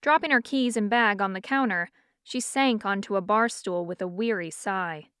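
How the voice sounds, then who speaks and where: A woman reading an audiobook as narrator in an even, smooth storytelling manner. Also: medium pitch, normal speed, no room sound, clean studio sound. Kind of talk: scripted narration.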